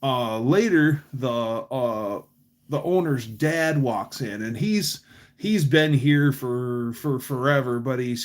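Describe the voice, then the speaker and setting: A man hosting a livestream, telling long casual stories with restarts and animated quotes. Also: medium pitch, slow pace. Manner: rambling anecdotes with restarts, quotes voices animatedly. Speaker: livestream host.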